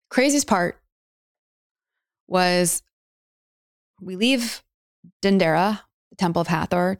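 A woman's voice: on the low side, no echo, clean studio sound. Earnest woman telling a personal story. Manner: earnest, with drawn-out dramatic pauses and frequent "like". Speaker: podcast host.

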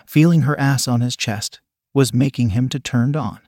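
A man narrating a scripted story in a measured, steady reading manner. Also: mid-range voice, dry recording, clean studio sound.

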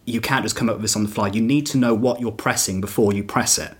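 Male comic, husky and lowish, loose reflective podcast talk. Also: fairly even intonation, fast. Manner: reflective, rambling with fillers and restarts. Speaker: stand-up comedian guest. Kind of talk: casual podcast chat.

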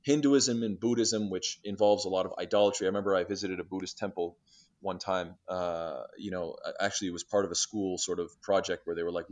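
A man being interviewed, telling stories in a lively way and acting out conversations, with many restarts and fillers. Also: deep voice. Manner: animated storyteller who acts out exchanges, many restarts and fillers. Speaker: interview guest. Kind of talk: casual storytelling interview.

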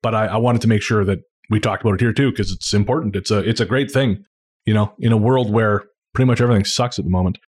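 A man with a low-pitched voice reads listener mail on a podcast. His tone is husky and a little breathy. He talks in a relaxed, unhurried way and stumbles through his phrases with plenty of fillers. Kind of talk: casual chat.

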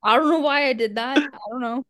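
A woman on a podcast, chatting casually with her co-hosts. She speaks in a fairly high voice and tells rambling, self-deprecating stories, often laughing at herself along the way. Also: fast, a bit bright. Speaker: podcast co-host. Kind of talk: casual chat.

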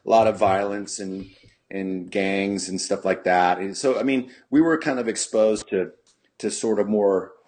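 A middle-aged man from California with a husky, slightly low voice spins a long story as a podcast guest. He rambles, swears freely and restarts often, leaning on "you know". The sound is close and dry, with no room around it. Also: a little slow, darkish tone, no room sound. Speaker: podcast guest, punk musician. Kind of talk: casual storytelling chat.

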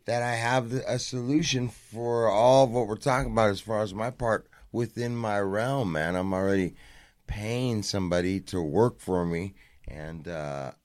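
A man's voice: on the low side, normal speed. A man co-hosting a podcast, talking earnestly in casual profane chat. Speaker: podcast co-host.

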